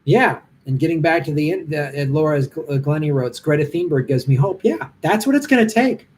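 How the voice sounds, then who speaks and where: Impassioned middle-aged comic, fairly high voice. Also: male voice, expressive, a little fast, darkish tone, a little hiss or hum. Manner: impassioned, blunt, rambling. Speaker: stand-up comic hosting a live Q&A stream. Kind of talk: casual chat answering viewer comments. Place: hotel room.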